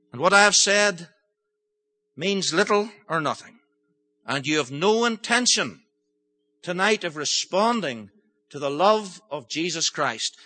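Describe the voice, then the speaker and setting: Bright-voiced, impassioned older male preacher. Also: a little high, dry recording. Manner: impassioned, moving from storytelling to forceful pleading. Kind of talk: sermon.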